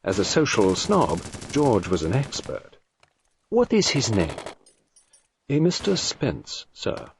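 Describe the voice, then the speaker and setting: A man reading a novel aloud in measured, dry storytelling narration. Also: lowish voice, darkish tone, slight background noise. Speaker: audiobook narrator. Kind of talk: scripted narration.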